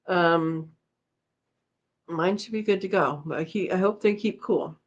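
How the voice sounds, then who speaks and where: A woman's voice: lowish voice, animated, unhurried, fairly bright tone. Tired, chatty woman hosting a live chat. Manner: chatty, laughs often, tired, reads comments aloud. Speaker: livestream host reading viewer comments. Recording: slightly dull lo-fi audio.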